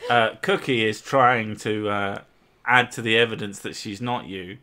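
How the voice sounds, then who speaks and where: A Scottish man in his thirties banters through a casual stream, cursing and joking as he goes. His voice is bright and forward, and he talks at an unhurried pace. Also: fairly low pitch, steady tone. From Scotland. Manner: sweary, jokey banter.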